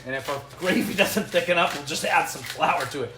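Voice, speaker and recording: A man's voice: a little high, brisk, echoey room, distant mic, background noise. A man from the United States hosting a casual home cooking vlog. He jokes and thinks aloud as he cooks, and drifts away from the mic at times. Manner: chatty and joking, thinking aloud while cooking. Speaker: cooking show host. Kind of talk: casual cooking vlog, talking to live chat. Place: home kitchen, indoors.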